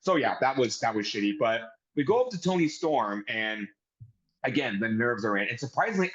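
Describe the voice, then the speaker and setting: Man telling a profane, animated story. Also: mid-range voice, muffled recording. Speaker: podcast co-host. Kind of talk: casual chat.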